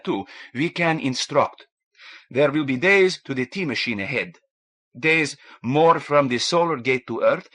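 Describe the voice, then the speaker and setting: A man's voice: on the high side, fairly bright tone, pitched above the performer's own voice. A man doing a blunt bearded gunner. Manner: blunt, insistent. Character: big bearded male gunner, blunt soldier.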